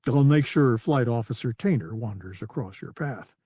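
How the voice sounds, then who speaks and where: A man's voice: medium pitch, expressive, normal speed, slightly rough, no room sound, lo-fi sound. A man voicing an earnest, weary male squadron commander who speaks soberly, in an audiobook. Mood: steady.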